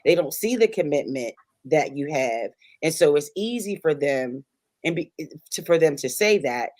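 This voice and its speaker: A woman with a low voice co-hosting a podcast in casual chat. She explains things earnestly, stacking up repeated phrases, and her voice sounds dry and close. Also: animated, moderate pace, a little mellow, dry recording. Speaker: podcast co-host.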